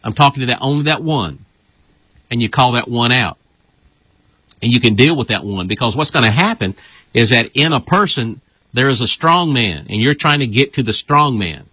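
A man's voice: mid-range voice, lively intonation, normal speed, sharp tone, husky, no echo, low-quality recording. A man, a pastor, teaching in a casual, emphatic way and often repeating his phrases.

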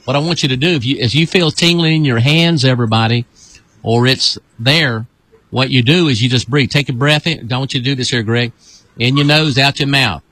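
A man, a pastor, leading a deliverance prayer with commanding repeated calls and sudden high whoops. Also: a little fast, a bit bright, dry recording.

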